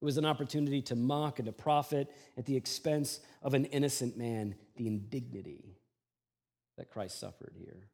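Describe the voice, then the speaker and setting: A male pastor preaching a sermon, moving from hushed, quiet passages to loud, emphatic ones and acting out mocking voices from the scripture he reads. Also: medium pitch, moderate pace, creaky. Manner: acts out mocking voices while reading scripture.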